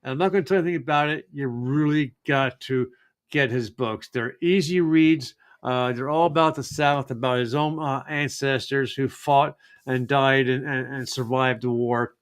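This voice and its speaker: Smooth-voiced man, rambling host. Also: mid-range voice, fairly even intonation, moderate pace. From United States. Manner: rambling, many fillers and restarts. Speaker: host of a live genealogy show. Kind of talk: casual live-stream chat.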